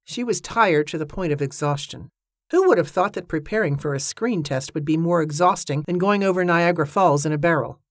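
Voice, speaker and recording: A woman narrates a novel in a steady, even storytelling manner. Her voice sits on the lower side. The recording is dry and close, with no room sound. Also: brisk, no echo. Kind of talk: audiobook narration.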